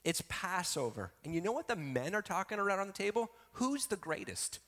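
A male pastor preaching a sermon with emphatic delivery, swinging between quiet asides and loud, rising lines. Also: high voice, big pitch swings, a little fast, hardly any pauses. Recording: reverberant hall.

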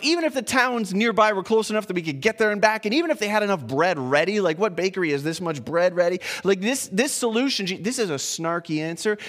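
Working through a passage one verse at a time, a man delivers an informal, conversational sermon in a high, fairly bright voice. He doubles words as his thoughts form and poses questions to the audience.

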